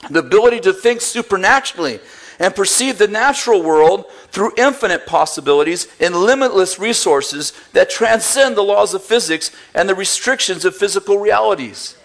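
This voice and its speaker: A man's voice: high voice, expressive, moderate pace, a bit bright. A man preaching a sermon, telling a story with acted-out dialogue and bursts of laughter. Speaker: pastor.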